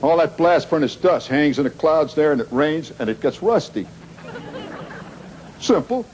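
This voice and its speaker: A middle-aged man telling a rambling comic story to a live audience, wry and animated, with dramatic pauses and sound effects. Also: on the high side. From Indiana, United States. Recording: 1970s live recording with noisy audience.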